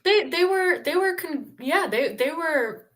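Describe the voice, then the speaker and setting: A woman in her twenties, a podcast guest, telling a story in a chatty, animated way with lots of fillers. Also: very high-pitched, unhurried. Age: 20s. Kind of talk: casual interview storytelling.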